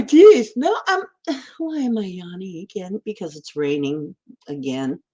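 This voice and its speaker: Slow, rambling, giggly woman hosting a live stream. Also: on the low side, a little mellow. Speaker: livestream host. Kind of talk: casual live-stream chat with viewers.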